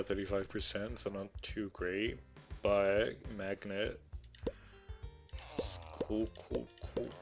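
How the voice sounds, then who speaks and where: A man giving casual gameplay commentary, chatty and excitable, swearing casually as he plays. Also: lowish voice. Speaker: gaming YouTuber.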